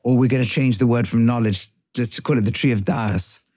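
Warm-voiced rabbi explaining a text. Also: male voice, medium pitch, brisk, no echo. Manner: reads Hebrew lines aloud, then translates and explains them; thinks aloud with frequent restarts and self-corrections. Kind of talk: text study lecture.

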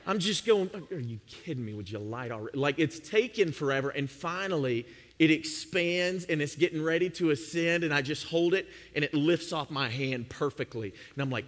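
A young adult man preaching a sermon, telling a funny personal story and acting out his own past self with animated delivery. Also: fairly high pitch, a little fast. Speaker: pastor. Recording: long hall reverb.

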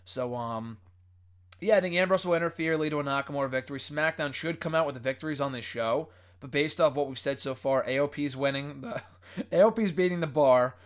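A man hosting a casual podcast chat, excitable and often breaking into laughter. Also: on the high side, fairly quick. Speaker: podcast host.

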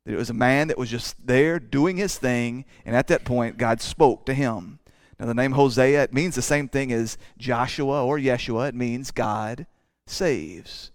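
Pastor, male, earnest preaching, rises loud on key points, drops to quiet asides, dry close sound. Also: medium pitch, unhurried, no echo. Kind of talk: sermon.

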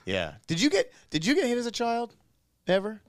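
A man's voice: extremely high pitch, wildly swooping pitch, brisk, no room sound. A man co-hosting a laid-back podcast, his voice rising and falling a lot as he talks. He swears freely and laughs often, and the recording is very dry and close. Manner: loose and profane, laughs often. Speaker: podcast co-host. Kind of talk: casual chat. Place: house in Austin.

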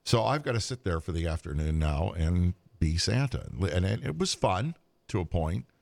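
A man in a casual podcast chat, telling a long story in an animated way, with restarts and trailing asides. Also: sits low, normal speed, vocal fry, no echo.

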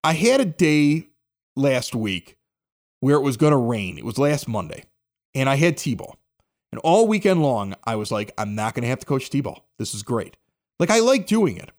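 A man in his forties hosting a podcast, reading local announcements and rambling through stories with acted-out voices. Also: on the high side. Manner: rambling storyteller, acts out quoted voices. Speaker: podcast host. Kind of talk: casual chat and local announcements.

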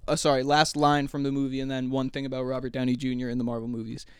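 Podcast co-host, male, smooth dry voice, lively storyteller. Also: mid-range voice, quick pace, no echo. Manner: animated storytelling, acts out movie lines. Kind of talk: casual chat.

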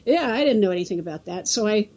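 Halting storyteller woman from California, mellow voice. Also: medium pitch, lively intonation, highs cut off. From California Central Coast. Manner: halting, restarts often, acts out quotes. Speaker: interview guest. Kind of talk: casual storytelling.

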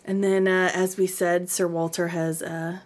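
A woman's voice: on the low side, level tone, a little slow. A woman co-hosting a book podcast, chatting casually, laughing often and trailing off mid-sentence. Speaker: podcast co-host.

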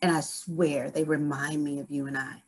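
A woman guest on a podcast telling a story in casual conversation, animated and full of restarts. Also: deep voice, normal speed, husky, low-quality recording.

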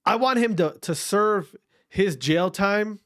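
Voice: mid-range voice, animated, takes it slowly, a bit bright. A speaker giving an opinion rant to camera, emphatic and blunt, firing off repeated rhetorical questions and swearing for emphasis.

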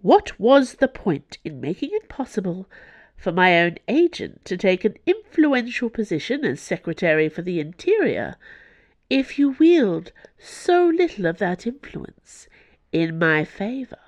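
A narrator voicing a cold, angry female cardinal in a storybook reading, with a sharp and reproachful delivery. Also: mid-range voice, sing-song, measured pace, no echo, voice pushed up.

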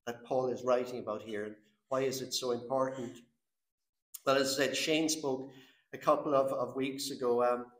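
A man preaching an earnest sermon, pressing his points with emphasis and now and then doubling a word as he goes. His voice sits at a middling pitch and carries into a roomy, echoing space. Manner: earnest, emphatic, repeats words as he builds points. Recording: echoey room.

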